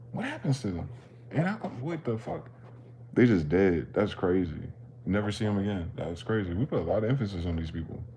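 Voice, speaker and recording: Low-voiced man musing in street slang. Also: warm tone, a little hiss or hum. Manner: profane, questioning, street slang. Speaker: livestream host. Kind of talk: rambling philosophical monologue.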